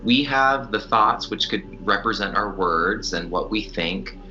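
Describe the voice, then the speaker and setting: Deep-voiced man, earnest and reflective. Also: unhurried, sharp tone, highs cut off, soft background music. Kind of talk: casual spiritual conversation.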